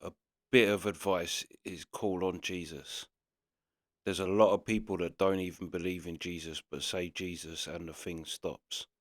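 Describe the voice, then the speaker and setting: A British man with a very deep voice rambles through casual reaction commentary, padding his talk with fillers. The sound is dry and close, with no room around it. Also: fairly even intonation, a little slow, dry recording. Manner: rambling, loose, full of fillers. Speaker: reaction channel host.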